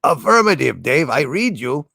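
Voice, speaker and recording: A man voicing a calm, menacing ship computer with a relaxed Chicano accent, refusing requests in a slow, mock-polite way. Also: on the high side, creaky, husky, no room sound, studio quality, heavily acted. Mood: calmly refusing.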